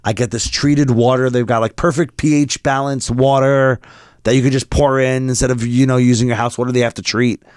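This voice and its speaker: A man in his thirties, co-hosting a podcast, telling a story in casual chat, animated and profane, acting out what people said. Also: mid-range voice, brisk, smooth, no echo, clean studio sound. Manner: animated, profane, acts out quotes. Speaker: podcast co-host.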